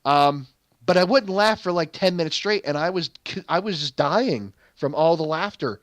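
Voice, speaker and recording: A man's voice: fairly high pitch, expressive, moderate pace, no echo. A young adult man hosting a game channel, telling a long stage story in rambling casual commentary, full of fillers and restarts. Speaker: gaming channel host.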